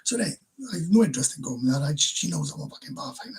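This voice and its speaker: A man's voice: fairly high pitch, animated, rapid-fire, gravelly, a little mellow, a little hiss or hum, rough recording. A Welsh man telling a crude, blunt story on a live stream, swearing heavily.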